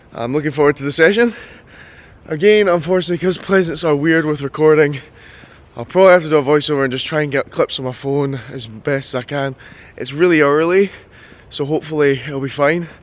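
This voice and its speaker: A young man with a voice that sits a little high for a man, chatting straight to camera in a casual vlog. He tells stories in an excitable, rambling way and swears freely. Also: lo-fi sound. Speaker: fitness coach and vlogger.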